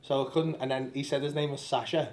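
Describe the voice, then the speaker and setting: A man's voice: mid-range voice, flat delivery, darkish tone. A male stand-up comedian chatting backstage after a show, blunt and full of swearing. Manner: blunt, sweary, quick banter. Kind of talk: casual backstage chat. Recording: echoey room.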